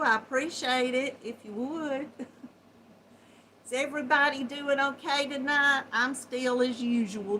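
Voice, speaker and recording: A woman's voice: high-pitched, a little hiss or hum, low-quality recording. A woman with a Southern Georgia accent, hosting a casual livestream and greeting viewers as hon and sweetheart, laughing often. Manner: warm folksy greetings with terms like hon and sweetheart; slow, chatty, laughs often. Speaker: host of a yarn chat livestream. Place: home, seated at a computer. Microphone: built-in laptop microphone.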